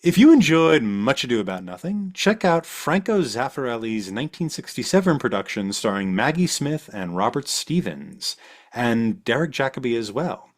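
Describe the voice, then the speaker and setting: A man's voice: medium pitch, moderate pace. A man co-hosting a podcast, casually discussing film adaptations and reading the show's closing promos. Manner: animated, thinks aloud with restarts, then reads promos. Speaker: podcast co-host.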